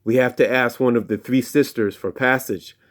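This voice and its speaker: A man voicing a frantic male turkey hero in a high, urgent voice. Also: fairly even intonation, moderate pace, lightly acted.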